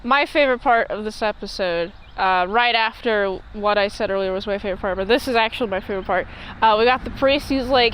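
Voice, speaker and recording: A woman's voice: medium pitch, brisk, a bit bright, a little hiss or hum, poor audio. A woman giving a casual, rambling episode recap, full of fillers and loose asides. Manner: rambling, filler-heavy chat. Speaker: show reviewer.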